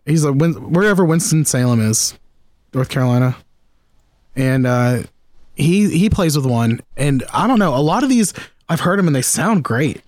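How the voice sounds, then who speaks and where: A man hosts a casual gear chat, talking in a fairly high voice. He rambles and restarts often, and his excitement keeps spilling over. The sound is dry and close, with no room around it. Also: normal speed, no room sound. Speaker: podcast host.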